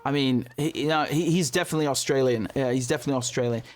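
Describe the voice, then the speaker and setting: A man's voice: mid-range voice, fairly even intonation, very fast. A man giving indignant, sarcastic commentary as he reacts to news clips. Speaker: political commentator.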